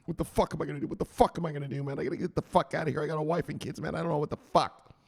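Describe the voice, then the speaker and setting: A man's voice: fairly high pitch, flat delivery, racing, vocal fry, a little mellow, husky, voice pushed up. A man putting on the voice of a frightened male wartime president who swears and whines in a frantic rush. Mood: panicked.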